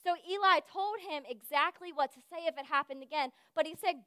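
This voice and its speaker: A woman giving a sermon, telling a lively personal story and acting out the voices of the people in it. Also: high-pitched, fairly quick, no echo, clean studio sound. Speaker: speaker at a church service.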